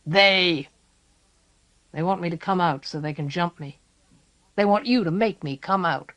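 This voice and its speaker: Casting: a woman playing a filthy, grieving, rasping male castellan, vicious snarl, audiobook voice. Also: lowish voice, a little slow, a bit bright.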